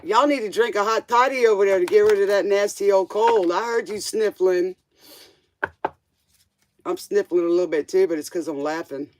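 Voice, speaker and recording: A woman's voice: mid-range voice, normal speed, a little hiss or hum. A woman hosting a live tarot stream, chatting casually with viewers and laughing often.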